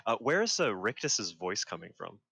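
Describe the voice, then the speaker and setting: A man playing a tabletop game, describing his character's actions with halting restarts. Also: on the low side, sing-song, vocal fry, sharp tone, breathy edge, dry recording. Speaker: player. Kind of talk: casual tabletop game play.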